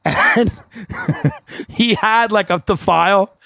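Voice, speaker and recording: A male comedian rambles through a funny story with quick asides and bursts of laughter. His voice is high and bright, with a sharp edge. The sound is dry and close to the mic. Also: vocal fry, no echo. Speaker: podcast host, comedian. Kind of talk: comic storytelling. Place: outdoor deck.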